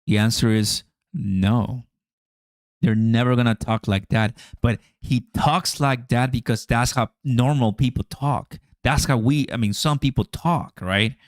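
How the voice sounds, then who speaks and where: A man's voice: medium pitch, a little slow, no room sound, clean studio sound. A man hosting a crypto livestream, chatting casually to viewers in a slangy way and laughing often.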